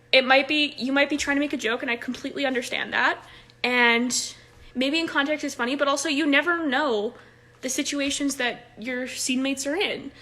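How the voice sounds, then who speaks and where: Young female improv coach, bright and sharp, casual and filler-heavy, talking into a phone. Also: high-pitched. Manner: chatty, laughs often, many "like" fillers. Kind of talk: casual livestream talk.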